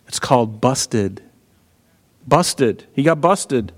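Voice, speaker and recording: Middle-aged guy preaching, chatty and animated, asks the crowd questions, voice a bit on the high side. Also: moderate pace, big-room sound. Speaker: pastor. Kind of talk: sermon.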